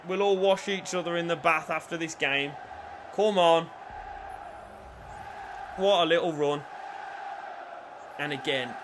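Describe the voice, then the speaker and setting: A young man commentating his own football video game, swinging from low mutters to loud shouts and cheeky jokes. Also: background noise. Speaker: gaming YouTuber.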